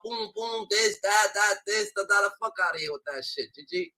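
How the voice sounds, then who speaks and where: A man's voice: sits high, huge pitch swings, moderate pace, vocal fry, sharp tone, low-quality recording. A man reacting to a clip on stream, heckling it in a heated, profane way and filling gaps with "da, da, da". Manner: profane, heckling, keeps saying "da, da, da".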